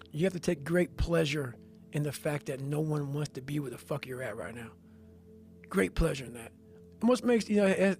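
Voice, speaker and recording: A man's voice: on the high side, vocal fry, a little mellow. A man giving a motivational talk, intense and profane, hammering his points with repetition. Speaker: motivational speaker. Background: faint music.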